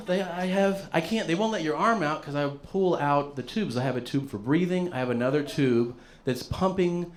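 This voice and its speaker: A man's voice: fairly high pitch, lively intonation, moderate pace, hardly any pauses, slight background noise. A man doing stand-up comedy, telling a long story with plenty of swearing and acting out what other people said. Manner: profane, acts out other people's lines.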